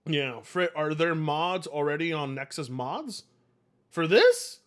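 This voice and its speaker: This is a man hosting a live gaming stream, talking in a loose, rambling way to his chat, swearing and laughing easily. His voice sits a little high for a man and jumps around a lot in pitch, so he sounds very animated. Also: slow pace. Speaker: livestream host.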